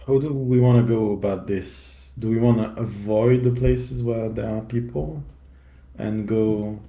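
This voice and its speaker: A man's voice: fairly low pitch, steady tone, a little slow, vocal fry, warm tone, roomy sound, rough recording. A man playing a tabletop game, thoughtful and planning aloud. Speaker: player.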